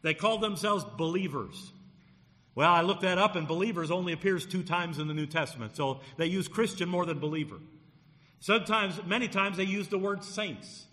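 Male pastor, bright and forceful tone, punchy emphasis on key words, long hall echo. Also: sits high, a little fast. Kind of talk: sermon.

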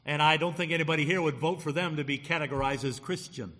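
Male pastor, bright and forceful tone, punchy emphasis on key words, long hall echo. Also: fairly high pitch, fast talker. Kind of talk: sermon.

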